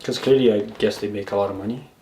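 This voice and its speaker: A man's voice: on the low side, steady tone, fast talker, dark tone, slight background noise. A man from Brazil chatting casually as a guest, eager to recommend places. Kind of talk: casual chat.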